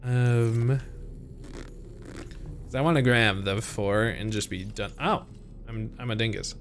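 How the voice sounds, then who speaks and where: Slow-talking playful young man streaming. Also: on the low side, a little hiss or hum. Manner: chatty, playful, talks to viewers and to game creatures. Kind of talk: casual gameplay commentary.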